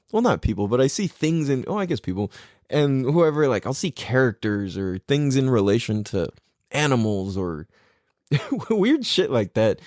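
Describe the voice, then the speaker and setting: A young man hosting a podcast, telling a story in a casual, profane, animated way with frequent laughter and acted-out inner thoughts. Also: medium pitch, no room sound, studio quality. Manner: animated, profane, laughing often, acts out his own thoughts. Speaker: podcast host.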